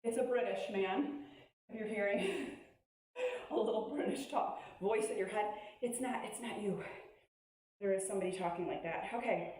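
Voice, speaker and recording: Out-of-breath woman workout coach, upbeat cueing, distant in a boomy room. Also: expressive, normal speed, long pauses, a little mellow, very echoey. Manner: encouraging, cueing moves between breaths. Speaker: fitness instructor. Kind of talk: workout instruction while exercising.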